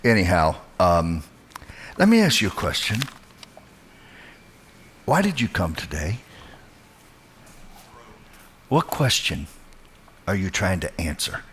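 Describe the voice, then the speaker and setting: Low-voiced middle-aged man preaching. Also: big pitch swings, measured pace, long pauses, slight background noise. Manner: warm, chatty, greets people by name. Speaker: guest speaker. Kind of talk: motivational church talk.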